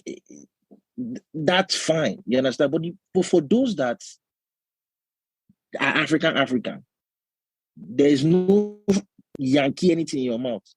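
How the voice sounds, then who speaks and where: Animated Nigerian man, husky lively voice. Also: a little high, unhurried, long pauses, no echo. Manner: animated, acts out voices, laughs often. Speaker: podcast co-host. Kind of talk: casual chat.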